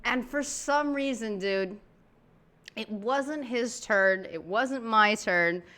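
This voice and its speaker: A woman in casual chat, telling a story in an animated, slangy way as she reacts to a comedy clip. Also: fairly high pitch, slow. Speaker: reaction video host.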